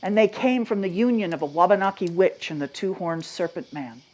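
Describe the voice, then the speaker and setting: A woman from Maine telling ghost stories live to an audience, dropping to a hush and then rising loud and animated, asking the crowd questions. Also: fairly low pitch, brisk. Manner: dramatic, swings from hushed to loud and animated. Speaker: storyteller.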